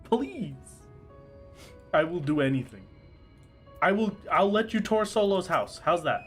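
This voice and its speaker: A male streamer with a fairly high voice that swings wildly up and down as he reacts to the game. He talks casually and playfully to his chat, squealing and laughing whenever something surprises him. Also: sing-song, moderate pace, fairly bright tone, faint music behind. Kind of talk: casual livestream chat while gaming.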